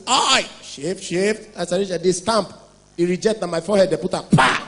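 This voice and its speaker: High-voiced Nigerian stand-up comic. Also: male voice, moderate pace, fairly bright tone, poor audio. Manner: punchy storytelling mixing Pidgin and English. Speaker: stand-up comedian. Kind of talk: stand-up comedy routine.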